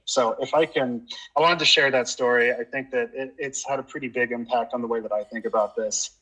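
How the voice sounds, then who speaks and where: A man's voice: medium pitch, fairly bright tone, husky, poor audio. A man speaking as a guest on a podcast, earnest and reflective in a casual conversation. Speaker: podcast guest, nature educator. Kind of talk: casual interview chat.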